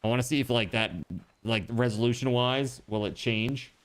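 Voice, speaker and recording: A man streaming a game live, chatting casually with his viewers and thinking out loud. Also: medium pitch, fairly even intonation, moderate pace. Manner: chatty, talks to chat, trails off and restarts. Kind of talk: casual live-stream chat while gaming.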